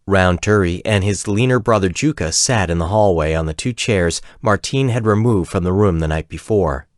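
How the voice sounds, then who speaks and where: Brief: male audiobook narrator, lower pitch, steady scripted fantasy reading, dead-dry booth. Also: dry recording.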